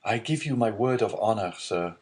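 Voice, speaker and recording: A man's voice: lowish voice, lively intonation, normal speed, darkish tone, natural voice. A man voicing an earnest, anxious young male sailor in a read-aloud storybook, in a slightly raised voice.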